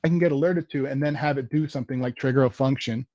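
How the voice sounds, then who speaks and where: A man giving a casual live software demo at a tech meetup, thinking aloud as he types commands. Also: mid-range voice, quick pace, dry recording.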